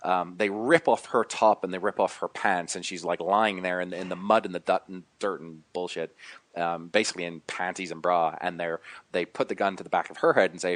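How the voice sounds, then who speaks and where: A man with a very low voice tells a long story in a loose, rambling way. He keeps stopping and starting again, with lots of fillers. The mic is close and dry. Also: fairly even intonation, brisk, a bit bright, dry recording. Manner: rambling, many fillers and restarts. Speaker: podcast guest. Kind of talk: casual storytelling.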